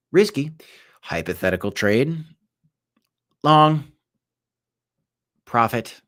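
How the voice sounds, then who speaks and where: A young man hosting a casual crypto livestream, talking in a rambling, animated way that swings between loud and quiet. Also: medium pitch, clean tone. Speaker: crypto show host. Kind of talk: casual livestream market chat.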